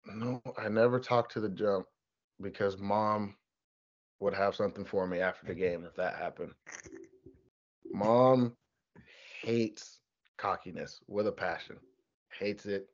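Laid-back young man, low voice, dull sound. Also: slow, pauses often. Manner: relaxed, chatty storyteller. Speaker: college football player guest. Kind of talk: casual interview.

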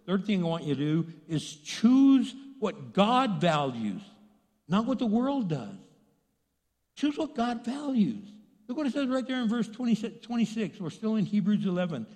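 A middle-aged man from Texas preaching in a large church, his voice sitting high for a man. He swings between quiet, confiding asides and loud, fired-up bursts. A long reverb trails every phrase around the packed hall. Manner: animated preaching, swinging from hushed to shouting. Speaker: pastor. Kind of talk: sermon.

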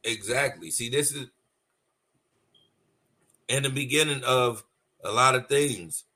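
A man co-hosting a podcast, chatting casually with profanity and animated storytelling full of stumbles and restarts. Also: mid-range voice, slow pace. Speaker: podcast co-host. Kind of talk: casual chat.

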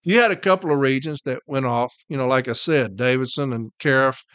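A man who hosts a podcast and serves as a union representative rants casually, blunt, heated and profane. Tired and irritated, he drives his points home by repeating them. His medium-pitched voice is brisk, a bit bright and smooth, with no room sound.

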